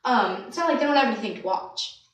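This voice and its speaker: A woman's voice: fairly high pitch, animated, fast, far from the mic. Woman teaching acting to camera, emphatic, echoey room with the mic set back a bit. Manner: emphatic, demonstrative. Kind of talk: casual spoken lesson to camera.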